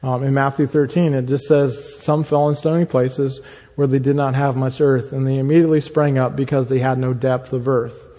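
A man gives a sermon with a mellow, dark tone, walking through Bible passages as he teaches. He often pauses on fillers and restarts his sentences. His voice carries a long reverb, as if he were in a large hall. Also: medium pitch, little pitch movement. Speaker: preacher.

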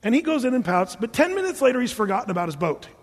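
A man's voice: extremely high pitch, big pitch swings, racing, in a large hall. A man preaching a sermon, telling the story with humor and acting out the characters. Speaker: pastor.

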